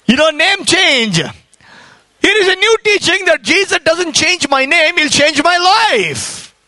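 A man preaching his testimony with fervent, repetitive storytelling and rising exclamations. His voice sits very high and rings bright and forceful. The sound is dry, with hardly any room around it. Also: very animated, slow, no echo. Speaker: evangelist giving his testimony. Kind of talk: sermon testimony.

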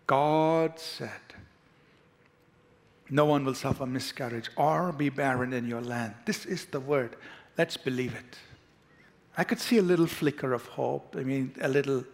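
A man's voice: medium pitch, vocal fry. Man preaching with call-and-response. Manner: emphatic call-and-response preaching, leads congregation in declarations. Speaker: pastor. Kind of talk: sermon. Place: church sanctuary.

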